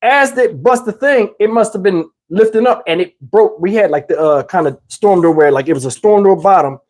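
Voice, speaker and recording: A man on his channel telling a childhood storm story in a lively, casual way, acting out his relatives. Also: sits high, normal speed. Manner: animated, acts out characters. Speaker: channel host.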